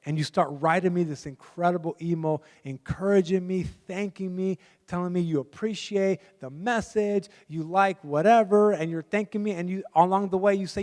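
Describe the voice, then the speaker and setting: Man preaching, high voice, chatty storyteller, long church-hall reverb. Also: normal speed, few pauses, darkish tone. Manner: conversational storytelling, acting out quoted voices. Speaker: guest pastor. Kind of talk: sermon. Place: church sanctuary.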